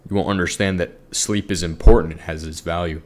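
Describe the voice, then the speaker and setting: A man's voice: fairly even intonation, brisk. A young man chatting casually over his gameplay, rambling loosely. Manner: rambling, bursts into high-pitched angry yelling. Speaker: gaming streamer.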